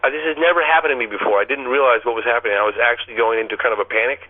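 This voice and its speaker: A middle-aged man telling a story as an interview guest, animated, often stammering and repeating words. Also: mid-range voice, racing. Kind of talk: casual storytelling. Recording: tinny phone line.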